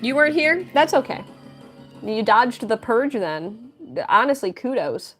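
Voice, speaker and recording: Lively, playful woman chatting on stream. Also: on the high side, measured pace, soft background music. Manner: playful, chatty, reads and answers chat. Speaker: live-streaming artist. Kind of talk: casual live-stream chat while drawing.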